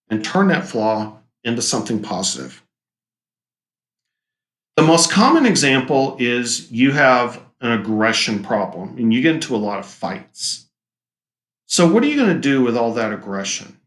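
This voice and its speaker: Male teacher, casual and jokey, mid pitch, echoey classroom sound. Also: fairly bright tone. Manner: casual, joking, acts out quoted lines. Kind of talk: recorded classroom lecture.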